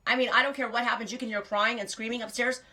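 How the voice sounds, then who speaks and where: A woman's voice: fairly high pitch, steady tone, fast, sharp tone. A middle-aged woman hosting a show, talking candidly in a rambling confessional monologue, often restarting mid-sentence. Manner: rambling, self-interrupting and candid. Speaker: podcast host.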